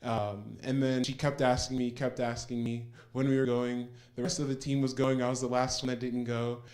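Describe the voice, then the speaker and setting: A man's voice: mid-range voice, level tone, normal speed, darkish tone. Earnest man telling his story. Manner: earnest storytelling, repeats words for emphasis. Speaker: program participant giving a testimonial. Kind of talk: personal testimonial.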